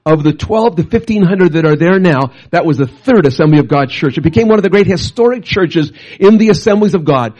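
A middle-aged male pastor preaches through a long story with a husky, slightly raised voice. He talks in animated bursts and often restarts his sentences. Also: fairly high pitch, brisk, hardly any pauses, muffled recording. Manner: animated, bursts into loud acted quotes, frequent restarts. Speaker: pastor and missionary. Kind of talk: storytelling sermon.

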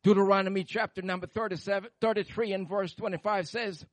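A man preaching in a high voice, captured dry and close with no room sound. He holds a microphone and swings between loud, fervent praise and quiet, hushed storytelling in a church sermon. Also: fairly even intonation, quick pace, few pauses, dry recording. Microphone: handheld microphone.

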